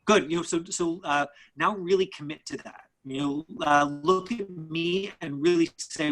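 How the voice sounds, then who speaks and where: A man coaching actors in a live online acting class over a video call. He talks in a halting way, full of fillers and restarts. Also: on the high side, fairly bright tone, low-quality recording.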